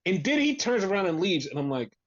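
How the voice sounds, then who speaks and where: Podcast co-host, casual chat, profane ranting, lively swooping pitch, dull lo-fi sound. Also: fast.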